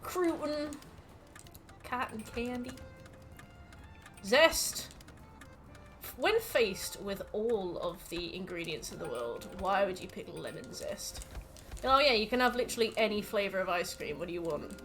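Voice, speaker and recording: English woman streamer, very animated delivery, faint game music behind, casual and profane. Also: mid-range voice, unhurried, long pauses. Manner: swearing, reads out ingredients, jokey rants. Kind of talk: casual gameplay commentary.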